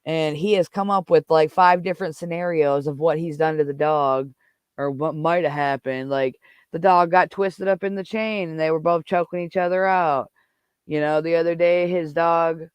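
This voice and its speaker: A man in casual livestream chat, swearing and venting in an angry, heated rant. His voice sits a little high and comes through smooth and clean. The sound is close and dry, with no room in it. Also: no room sound. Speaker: livestream host.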